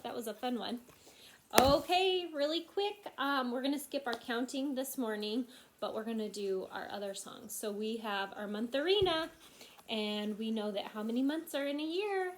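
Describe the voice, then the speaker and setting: Teacher lady reading a kids book out loud, bit high voice, lots of questions for the class. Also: a little hiss or hum. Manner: expressive, questioning, speaks straight to the children. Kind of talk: reading a picture book aloud to young children.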